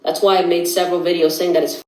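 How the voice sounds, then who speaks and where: A woman's voice: fairly low pitch, flat delivery, fast, darkish tone. Exasperated woman ranting on social media. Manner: exasperated, sarcastic, direct to viewers. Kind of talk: opinionated social media rant. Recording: echoey room.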